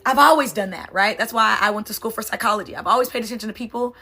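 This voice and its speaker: A woman's voice: a little high, quick pace, pushed and bright, husky. A woman NLP coach and sound healer giving an emphatic, conversational motivational talk, often checking in with "right?".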